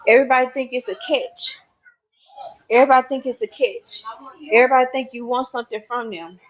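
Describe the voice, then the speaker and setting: A woman with a high voice rants casually into the camera, repeating lines for emphasis as she talks straight to the viewer. The recording sounds dull and lo-fi. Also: fairly even intonation, brisk.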